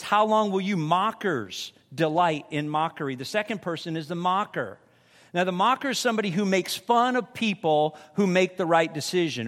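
High-voiced man preaching in a reverberant hall. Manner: animated, acts out voices of people in his examples. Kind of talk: sermon.

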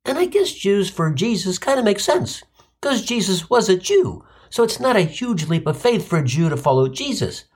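A man's voice: high voice, sing-song, moderate pace, breathy edge. A man telling a comic monologue, wisecracking and sardonic, sprinkling in Yiddish. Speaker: comedic storyteller.

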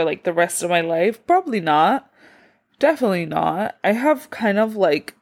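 A woman's voice: lowish voice, darkish tone. Rambling young woman podcaster, tired. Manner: rambling, filler-heavy, self-deprecating. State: tired and out of breath. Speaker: podcast host. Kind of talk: casual solo podcast chat.

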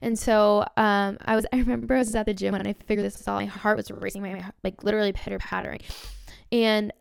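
Casual young woman, 19, excitable chatter, gravelly fry, dry close mic. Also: medium pitch, quick pace, dry recording. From Southern California. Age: young adult, around 19. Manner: bubbly, excitable, heavy use of "like" and "literally". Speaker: podcast host. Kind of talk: casual storytelling monologue.

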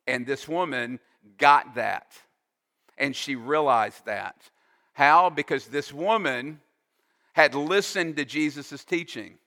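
A man preaching a sermon as a pastor, slow and emphatic, pausing to explain with asides. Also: fairly high pitch, bright, forceful tone. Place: church sanctuary. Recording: long reverb of a hall.

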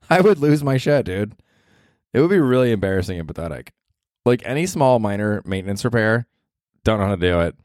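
A young man with a notably low, deep voice talks through a casual solo podcast from his small apartment. He rambles, swears freely and laughs at his own stories in a self-deprecating way. The sound is dry and close, with no room echo. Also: darkish tone. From United States. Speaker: podcast host.

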